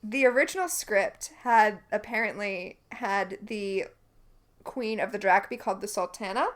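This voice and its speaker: A woman's voice: mid-range voice, measured pace. A woman co-hosting a podcast, animatedly recapping a TV episode in casual chat. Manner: animated, recaps scenes and quotes characters. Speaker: podcast co-host.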